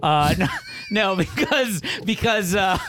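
Male podcast host, slightly higher voice, lively rise and fall, teasing and self-mocking, dry mic. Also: a little hiss or hum. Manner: teasing, self-deprecating, halting restarts. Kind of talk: casual podcast chat.

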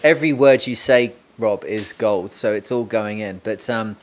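A man's voice: fairly low pitch, moderate pace. Man, podcast host, casual chat, jokey, rambling, many fillers. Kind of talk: casual remote interview chat. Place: home room with a cat.

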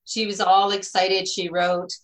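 A middle-aged woman, an author, chatting in a lively, storytelling way. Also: medium pitch, measured pace, rough recording. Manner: chatty, animated storytelling with laughs. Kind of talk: casual conversation.

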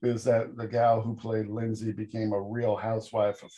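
A man co-hosting a podcast, recapping a film with animated, sarcastic storytelling and sudden jumps in pitch. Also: normal speed. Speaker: podcast co-host. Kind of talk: casual comedic film review chat.

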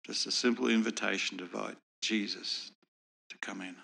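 Gravelly low-voiced man telling his story. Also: steady tone, normal speed, sharp tone. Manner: earnest, reflective. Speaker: guest sharing personal testimony. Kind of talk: conversational faith storytelling.

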